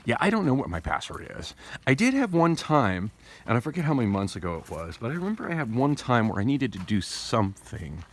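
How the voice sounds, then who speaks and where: Speaking a little fast in a medium-pitched, sing-song voice, a man vlogs into his phone camera. He rambles casually, often starting over and going off on tangents, all while coping with tooth pain.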